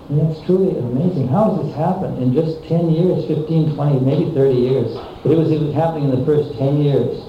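A man delivers an unscripted sermon to a seated audience, doubling back on his words as he gathers his thoughts. His voice rings through a strongly reverberant room, captured on a dull, low-fidelity recording with a faint hiss behind it. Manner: repeats words often while thinking aloud. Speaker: speaker at a devotional gathering. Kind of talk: informal sermon.

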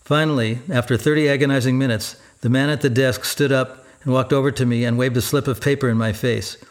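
Male narrator, memoir reading, steady, even, mid-pitched voice. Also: brisk.

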